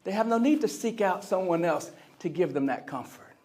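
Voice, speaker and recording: Lively man giving a keynote. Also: high voice, normal speed. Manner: energetic, call-and-response with the crowd; acts out quoted voices. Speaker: motivational speaker. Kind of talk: live keynote speech to an audience. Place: convention center hall.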